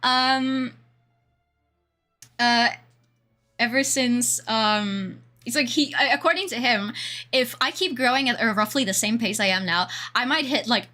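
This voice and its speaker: A woman's voice: on the high side, sharp tone. A young woman with a Swedish accent chatting casually on a livestream, rambling and laughing often. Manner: giggly, rambling, frequent laughter. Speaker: streamer.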